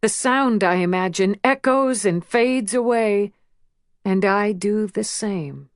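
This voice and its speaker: A woman narrating an audiobook in a measured, emotional first-person reading. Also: mid-range voice, no echo, clean studio sound. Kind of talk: scripted narration.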